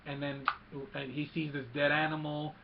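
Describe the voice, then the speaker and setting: Gravelly man recapping a movie excitedly. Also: a little high, lo-fi sound, a little hiss or hum. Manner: animated retelling with sound effects and quick character quotes. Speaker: movie reviewer.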